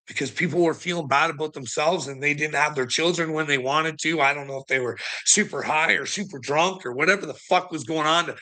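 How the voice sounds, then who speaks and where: A man's voice: fairly high pitch, creaky, bright, forceful tone. A man on an angry livestream rant, swearing heavily and sounding bitter and indignant. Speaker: streamer.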